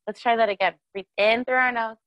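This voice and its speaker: A woman's voice: a little high, steady tone, a little fast, a bit bright, no echo, dull audio. A woman leading a children's yoga class, cheerful and encouraging, asking the kids questions as she guides their breathing.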